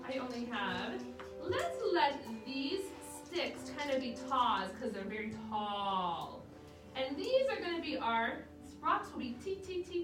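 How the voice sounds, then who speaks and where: A woman teaching a children's music lesson, encouraging the kids and chanting rhythm syllables. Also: high voice. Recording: echoey room, far mic, noisy.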